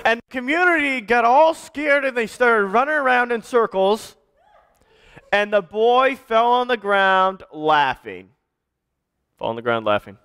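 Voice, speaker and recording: A man's voice: very high-pitched, lively intonation, unhurried, sharp tone, clear, resonant tone. A man, a pastor, telling a children's story during a church service and directing children to act parts out.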